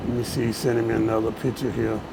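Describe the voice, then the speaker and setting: A man's voice: on the low side, flat delivery, quick pace, heavy background noise. A man hosting a casual shop chat about radio amplifiers, loose and colloquial, joking with callers. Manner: loose, colloquial talker who jokes with callers. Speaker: show host.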